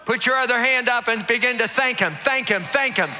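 A man's voice: extremely high pitch, fairly quick, background noise. A man preaching as pastor, rousing his congregation and leading them in call-and-response. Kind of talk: sermon. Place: large church hall.

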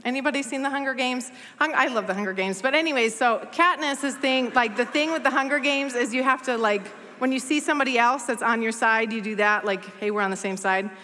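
Woman, 30s, bright and fairly high voice, chatty and self-mocking church guest speaker, long hall reverb. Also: a little fast, hardly any pauses, slight background noise. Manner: chatty, self-deprecating, fond of "like" and playful asides. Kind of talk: humorous personal talk to a congregation.

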